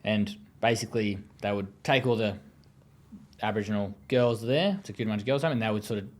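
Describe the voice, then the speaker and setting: A man's voice: on the low side, brisk. An Australian man speaking as an interview guest, telling his story in a blunt, profane, casual way with many fillers.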